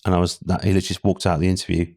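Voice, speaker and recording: A man's voice: low voice, level tone, very fast, creaky, a little mellow, dry recording, studio quality. A British man speaking candidly as a guest in a casual podcast interview, with frequent restarts. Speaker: podcast guest, talent acquisition head.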